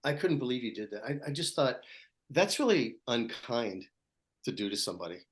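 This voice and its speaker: A man hosting a podcast who asks his guests questions, his pitch rising and falling a lot as he talks. His manner is easy and conversational. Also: very animated, fairly quick. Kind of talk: casual podcast chat.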